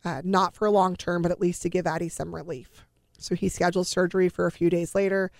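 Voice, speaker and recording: Earnest woman in her forties with a gravelly voice, sighing as she tells her story; dry, close sound. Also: on the low side, level tone, a little fast, a little mellow, dry recording. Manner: earnest, sighing, quoting family in dialogue. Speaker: guest recounting her daughter's illness. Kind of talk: emotional personal storytelling.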